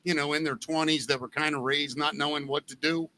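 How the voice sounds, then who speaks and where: A man hosting a casual podcast, with a high voice and a very bright, forward tone. He keeps up a stream of jokes and animated asides in easy banter. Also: fairly quick. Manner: joking, animated storyteller. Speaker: podcast host.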